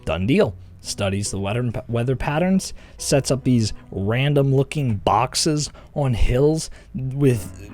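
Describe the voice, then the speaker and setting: Young male comedic host, mid-pitched, loose rambling delivery, jokes at himself. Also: a little mellow. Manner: rambling, jokey, self-interrupting. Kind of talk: casual comedic storytelling.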